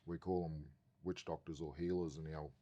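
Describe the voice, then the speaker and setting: A man's voice: very deep voice, flat delivery, fairly quick, dark tone, muffled recording. An Australian man, a podcast guest, telling a story in casual, rambling talk and swearing constantly.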